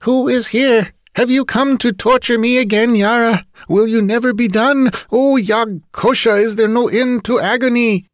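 A man voicing an ancient, blind and tortured alien elephant-being, speaking in a slow, solemn and mournful chant. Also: extremely high pitch, fairly even intonation, dry recording, studio quality, pitched above the performer's own voice. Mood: pleading. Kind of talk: audiobook character reading.

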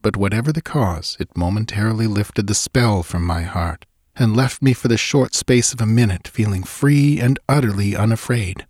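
A man reads a ghost story in a measured, dramatic way. His voice sits low with a husky edge. The sound is dry and close. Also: darkish tone, no echo. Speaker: audiobook narrator. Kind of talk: scripted narration of a ghost story.

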